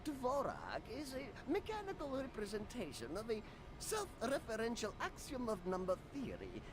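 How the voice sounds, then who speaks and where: A man's voice: extremely high pitch, wildly swooping pitch, normal speed, exaggerated voice. An actor playing a fussy, eccentric old man who guards a machine, hesitant and politely old-fashioned, with giggles in a video game cutscene. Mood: dithering. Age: older.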